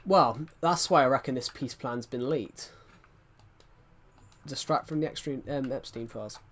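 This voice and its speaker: A man's voice: mid-range voice, normal speed. Rambling male streamer. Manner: rambling, restarts often, chatty asides to viewers. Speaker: livestreamer. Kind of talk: casual livestream chat.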